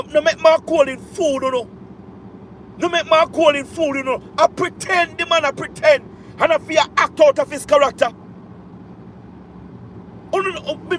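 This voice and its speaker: A man's voice: extremely high pitch, a bit bright, a little hiss or hum, poor audio. A man with a Jamaican accent giving emphatic political commentary on a livestream, repeating his points and checking in with his listeners. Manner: emphatic and repetitive, with rhetorical check-ins.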